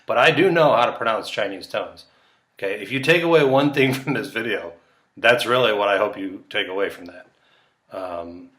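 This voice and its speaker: A man's voice: on the low side, a bit bright, reverberant. A young man doing casual solo chess commentary, rambling and joking with frequent laughs, tired late at night.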